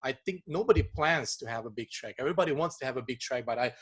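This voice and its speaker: A man's voice: mid-range voice, animated, quick pace, breathy edge. A man hosting a casual chat with a producer, musing at length about the music business. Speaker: podcast host.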